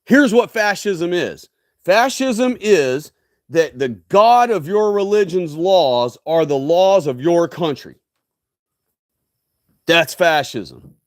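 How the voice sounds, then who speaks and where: A man's voice: high voice, animated, slow pace, dry recording, studio quality. A man hosting a solo livestream, delivering a preachy, emphatic rant full of tag questions like "okay?" and "right?". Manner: ranting, preachy, emphatic lecturing. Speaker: livestream host.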